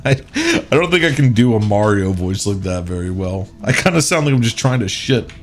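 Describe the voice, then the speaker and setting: A man's voice: fairly low pitch, lively intonation, a little fast. A man streaming live, joking sarcastically with his chat and the game characters as he plays. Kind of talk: live gaming commentary.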